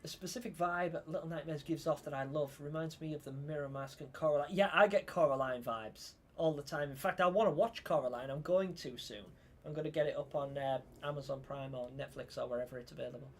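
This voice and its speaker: A man rambles casually through a game livestream, answering chat as he plays. His voice sits a touch high, with a faint hiss of noise behind it. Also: a little fast. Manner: chatty, rambling, reading chat aloud. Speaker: streamer.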